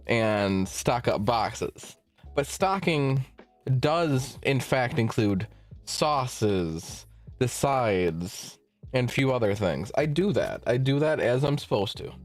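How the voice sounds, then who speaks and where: A young man streaming from home, telling a long work story as a casual rant, rambling and swearing as he backtracks. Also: mid-range voice. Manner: rambling, profane, self-interrupting.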